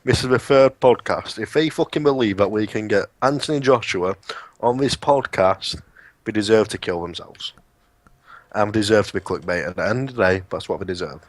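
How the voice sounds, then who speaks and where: An eighteen-year-old man from the north of England speaks with a lowish voice. He talks in a sweary, joking ranting way on a casual chat podcast, recorded dry and close. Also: normal speed, no echo. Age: young adult. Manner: sweary, jokey, rants. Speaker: podcast co-host.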